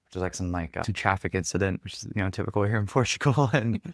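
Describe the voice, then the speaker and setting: A man's voice: deep voice, fast talker, dry recording, clean studio sound. A man, a podcast guest, telling a personal story candidly and reflectively, with many filler words. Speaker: podcast guest, performance coach.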